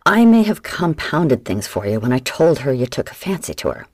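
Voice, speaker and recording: A woman's voice: very deep voice, big pitch swings, moderate pace, no echo, studio quality, full character voice. A woman voicing a crude, grinning male tavern crony who ribs his friend. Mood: mocking. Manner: mocking, crude ribbing.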